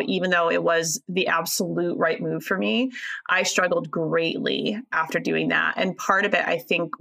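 A woman's voice: lowish voice, gravelly, sharp tone. A woman co-hosting a casual chat, reflective and earnest with some wry teasing. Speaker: co-host.

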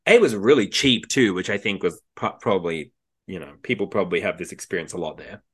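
Male co-host, low voice, animated storyteller who acts out his quotes. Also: brisk, husky. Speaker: podcast co-host. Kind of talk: casual storytelling chat.

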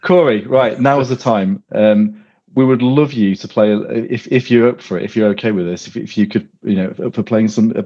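Low-voiced man hosting, dull audio. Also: normal speed, warm tone. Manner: chatty, rambling, laughs often. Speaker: podcast host. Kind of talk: casual podcast chat.

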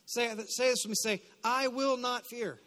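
High, bright-voiced preaching pastor. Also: male voice, steady tone, normal speed. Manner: call-and-response, leading the congregation in declarations; conversational asides with bursts of shouting. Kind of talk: live sermon. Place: church sanctuary. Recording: long hall reverb.

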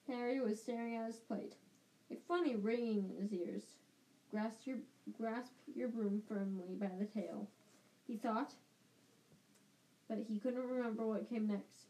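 A woman reading a novel aloud slowly, often stopping to restart a phrase. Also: a little high, dark tone, low-quality recording. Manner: slow, careful reading with frequent restarts. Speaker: reader of a book. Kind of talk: amateur audiobook reading.

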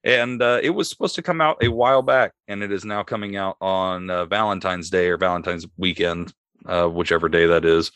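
A man's voice: low-pitched, steady tone, fairly quick, a bit bright, clear, resonant tone, no echo. A man hosting a casual podcast chat, leading the talk and moving the show from topic to topic. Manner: leads the talk, steers to next topic. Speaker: podcast host.

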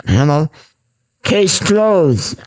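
A man's voice: fairly high pitch, sing-song, drawn-out words, a little mellow. A man hosting a raw, unscripted solo podcast, rambling and repeating himself with lots of fillers and restarts. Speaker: podcast host.

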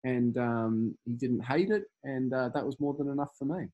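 A man in his thirties, a guest in a casual interview, talking in a halting way with many fillers and restarts. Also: medium pitch, mellow, dull audio. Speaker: campaign organiser, guest.

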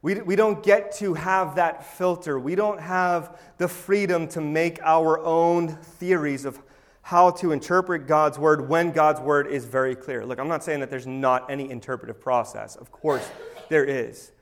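Guy preaching a sermon, pretty high voice, punchy and kinda sarcastic in spots. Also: steady tone, a little slow. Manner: emphatic, with sarcastic asides. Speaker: pastor.

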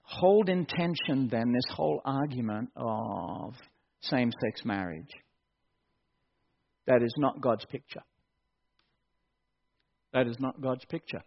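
Preacher guy, jokey and animated, husky voice, dull muffled recording. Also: medium pitch, takes it slowly, pauses often. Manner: animated, joking, builds to excited shouts. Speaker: pastor. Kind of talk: sermon.

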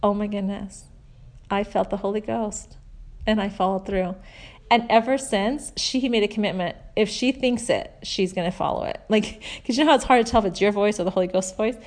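A woman's voice: medium pitch, a little fast. Chatty mother telling a faith story. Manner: chatty storytelling, warm earnest asides with soft laughs. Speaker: mother sharing faith lessons. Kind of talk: casual religious talk.

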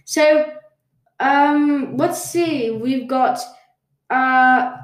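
Casting: a woman host, higher voice, playful rambling chat, echoey room. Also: a little slow. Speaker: podcast host. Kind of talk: casual comedic podcast chat. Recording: roomy echo.

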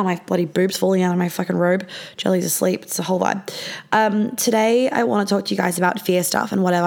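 A woman's voice: on the low side, gravelly. A young adult woman hosting her own podcast from her apartment, chatting casually, swearing often, with many fillers. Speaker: podcast host and business coach.

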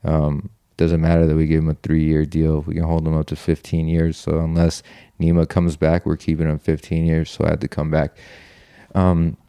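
A man's voice: very deep voice, monotone, normal speed, warm tone, clear, resonant tone, no echo. A man telling a personal story in a loose, rambling way, full of "like" and "you know", with casual swearing. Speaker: guest telling his story.

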